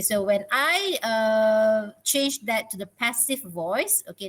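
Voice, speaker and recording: A woman's voice: medium pitch, fairly bright tone. A woman teaching grammar in an online class, encouraging and peppering her speech with "okay". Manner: encouraging, frequent "okay" and laughs. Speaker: English teacher.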